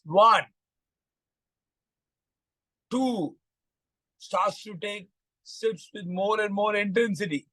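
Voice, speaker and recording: A man's voice: high voice, dry recording, low-quality recording. A man with an Indian English accent, a life coach who tells a moral story with frequent fillers and restarts.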